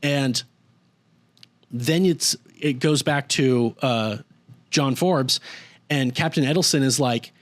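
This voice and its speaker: A podcast host with a mid-range voice recaps a story in casual conversation, taking it slowly with long pauses. He rambles and swears freely, uses "like" heavily, and briefly acts out the people he quotes.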